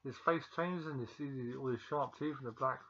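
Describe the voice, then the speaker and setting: A man talks through a film's plot in a loose, rambling way, full of ums and self-corrections. He is feeling ill. His voice sits in a middle pitch, and the recording sounds dull and lo-fi. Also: a little fast, bright, forceful tone, husky. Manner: rambling, with many ums and restarts. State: feeling ill, pausing to cough. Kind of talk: casual film recap.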